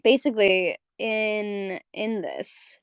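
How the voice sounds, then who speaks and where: A woman's voice: medium pitch, takes it slowly, clean tone, no room sound. Rambling young woman gushing about a cartoon. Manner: rambling, fillers and restarts, excitable. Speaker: host. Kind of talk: casual chat recapping a cartoon episode. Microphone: streaming audio mic.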